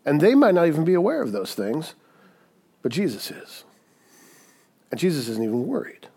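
A man's voice: fairly high pitch, huge pitch swings, normal speed, a little mellow, husky. A man preaching a sermon in a conversational, emphatic way, often checking in with the listeners. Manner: conversational, emphatic, with frequent "right?" asides. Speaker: pastor.

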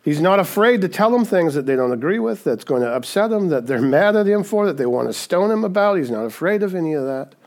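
A man's voice: sits high, quick pace, hardly any pauses. A man preaching a sermon as pastor, casual and conversational, often asking "right?" and acting out quoted voices. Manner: conversational, frequent "right?" tag questions; animated, acts out quoted voices.

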